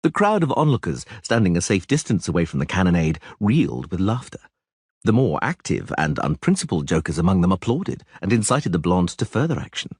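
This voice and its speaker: Animated, husky male audiobook narrator. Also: deep voice, fairly quick, dry recording, clean studio sound. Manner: expressive, animated storytelling. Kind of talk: scripted fantasy narration.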